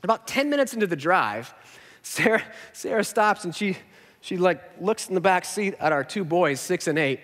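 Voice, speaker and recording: A man in his thirties, a pastor telling a story in a sermon, self-mocking and animated, acting out what people said. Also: high-pitched, normal speed. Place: large church auditorium. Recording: hall reverb.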